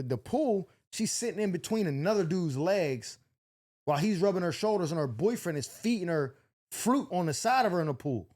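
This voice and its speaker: A young man telling a wild story in casual chat, animated, swearing freely and acting out the other people's lines. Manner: animated, acts out quotes with big pitch jumps, swears freely. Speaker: podcast host.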